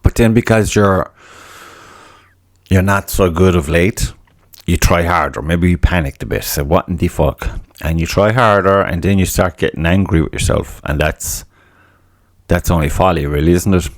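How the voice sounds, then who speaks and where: A middle-aged man with a very low, deep voice talks through a casual solo podcast. He rambles, swears freely and pokes fun at himself. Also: normal speed. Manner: rambling, profane, self-mocking. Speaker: podcast host.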